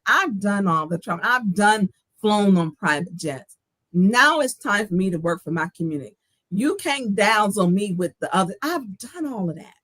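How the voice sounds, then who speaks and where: A woman's voice: medium pitch, a bit bright, no room sound. Middle-aged woman, talk show host, earnest, emphatic, personal, livestream monologue.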